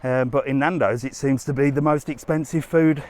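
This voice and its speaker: A man's voice: mid-range voice, fairly even intonation, normal speed, a little mellow. A man doing a live walking vlog, chatting cheekily and rambling as he strolls along a seaside resort promenade, filming on a handheld phone. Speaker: travel vlogger.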